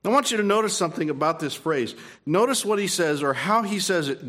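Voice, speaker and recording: Male pastor, high voice, emphatic sermon delivery with questions to the congregation. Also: lively intonation, normal speed. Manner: emphatic preaching with rising peaks and quiet asides; repeats and restarts phrases, asks the room questions. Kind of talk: expository sermon.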